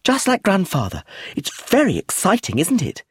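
A precocious little girl voiced by a male narrator with a raised, lively pitch and a smug, eager manner. The husky voice underneath gives her an audiobook feel. The recording is close and dry. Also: a little slow, no echo, heavily acted. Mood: smug excited.

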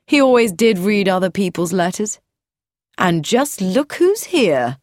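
A woman's voice: medium pitch, very animated, a little slow, darkish tone, dry recording, studio quality. A woman voicing a brash, cheerful younger brother who talks in a breezy, mocking way.

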